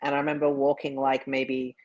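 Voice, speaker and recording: A man's voice: mid-range voice, monotone, brisk, highs cut off. A man, a bodybuilder, talking as an interview guest. He tells his story earnestly and sometimes repeats words.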